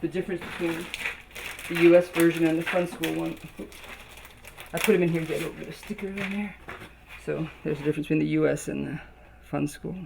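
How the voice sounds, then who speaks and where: A woman toy collector casually showing her collection, halting with many ums and restarts as she reads labels aloud. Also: low-pitched, steady tone, creaky, a little mellow. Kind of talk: casual show-and-tell narration. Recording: noisy home video.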